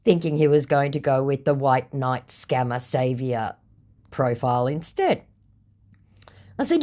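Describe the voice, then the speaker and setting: A woman's voice: deep voice, sing-song, moderate pace. Sarcastic woman telling a funny story. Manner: sarcastic, mocking. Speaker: storyteller recounting a chat. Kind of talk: comedic storytelling.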